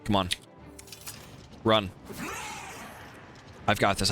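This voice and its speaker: Excitable swearing male game streamer. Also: mid-range voice, moderate pace, loud music behind the voice. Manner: excitable, swears, urges and pleads with game characters. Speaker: streamer playing a video game. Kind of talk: live gameplay commentary.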